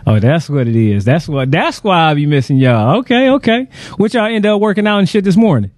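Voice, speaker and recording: A man hosting a podcast in relaxed casual chat, slangy and rambling with lots of fillers. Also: fairly high pitch, fairly quick, dry recording. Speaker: podcast host.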